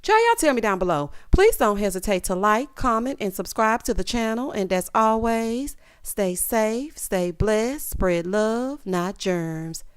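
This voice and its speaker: A woman's voice: mid-range voice, animated, unhurried, few pauses, clear, resonant tone. A woman hosting a casual reality TV recap, telling it with sassy, dramatic flair and lots of 'honey' and 'child'.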